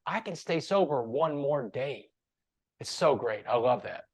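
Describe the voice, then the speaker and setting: A man's voice: mid-range voice, animated, a little slow, husky. A man, a motivational speaker and podcast guest, talking in an earnest, emphatic, preachy way. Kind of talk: casual interview chat.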